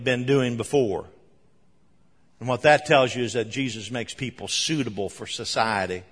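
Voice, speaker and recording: A man preaching a sermon, telling the story with animated emphasis and chuckles. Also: mid-range voice, in a large hall.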